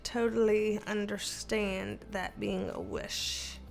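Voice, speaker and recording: With a gravelly, medium-pitched voice, slow pace, and fairly even intonation, this livestream host from the Southern United States speaks in a Southern American accent. She reads viewer comments casually, laughing often and chatting with plenty of slang.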